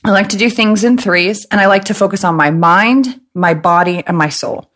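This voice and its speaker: A woman's voice: mid-range voice, a bit bright. A woman from the American Midwest, likely in her thirties, hosting a casual solo podcast and telling stories in a chatty, joking way. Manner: chatty, jokey, fast talker. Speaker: podcast host.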